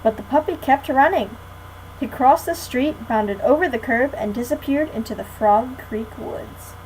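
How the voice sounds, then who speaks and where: A teenage girl reads a children's chapter book aloud to a class. She keeps a friendly, clear read-aloud manner, and her voice sits fairly high. A faint hiss runs under the recording. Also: unhurried, darkish tone, poor audio. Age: teens. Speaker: guest reader.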